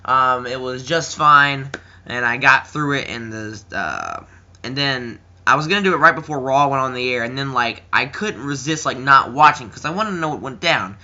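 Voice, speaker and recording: Chatty teenage boy, bright lo-fi voice. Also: expressive, moderate pace. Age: teens. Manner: rambling, filler-heavy, acts out quotes in a higher voice. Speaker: wrestling reviewer. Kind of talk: casual chat.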